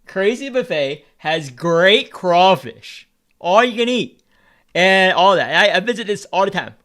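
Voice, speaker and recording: A man's voice: high-pitched, expressive, measured pace, bright, forceful tone. A Vietnamese American man streaming, rambling in casual chat, repeating words and swearing freely as he talks. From United States.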